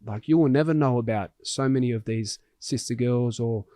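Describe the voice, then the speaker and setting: A man hosts a podcast and tells a story in an earnest, heartfelt voice at a middle pitch. He often restarts his sentences as he searches for words. The sound is dry and close. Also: normal speed, warm tone, no echo. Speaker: podcast host. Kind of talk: conversational storytelling.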